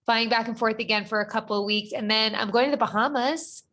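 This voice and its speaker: A woman's voice: a little high, fast talker, fairly bright tone. A woman co-hosting a podcast, chatting casually and rambling with lots of "like" fillers. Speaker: podcast co-host. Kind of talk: casual chat.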